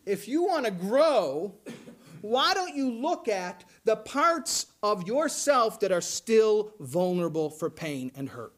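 A man delivering a sermon as a religious teacher, talking in an animated way and often laughing as he speaks. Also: high voice, slow pace.

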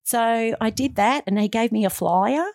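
A woman's voice: fairly high pitch, normal speed, no echo, studio quality. A middle-aged woman, a guest on a radio show, chatting casually and bringing her story to life by acting out the voices in it. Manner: animated storyteller, acting out quotes. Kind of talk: casual interview chat. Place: radio studio.

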